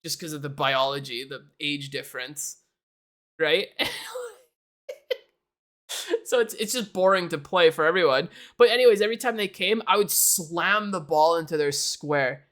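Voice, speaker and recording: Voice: mid-range voice, moderate pace, fairly bright tone. A young adult streamer from Canada, chatting casually on a live stream, laughing often and swearing in rambling asides. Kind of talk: casual chat to a live audience. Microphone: desk mic for a live stream.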